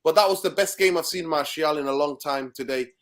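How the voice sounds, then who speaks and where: A man giving a casual football rant as a guest, animated and exasperated. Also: on the high side, a little fast. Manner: ranting, animated. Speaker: guest pundit.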